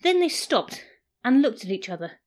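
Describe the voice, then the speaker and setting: A woman narrating a first-person story in a playful, animated way. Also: on the high side, moderate pace.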